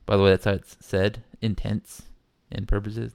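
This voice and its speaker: This is a man with a somewhat low voice chatting about football on a podcast. He rambles in a relaxed, animated way and acts out what players and crowds might say. The recording is close and dry, with no room sound. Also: moderate pace, vocal fry, few pauses, clean tone, dry recording. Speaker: podcast host. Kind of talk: casual sports talk.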